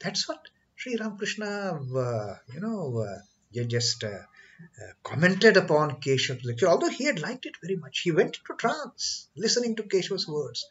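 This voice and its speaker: Man explaining scripture, lively pitch. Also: fairly quick, highs cut off. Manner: explains by rephrasing and repeating himself. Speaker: scripture reader and teacher. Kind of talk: scripture reading with spoken commentary.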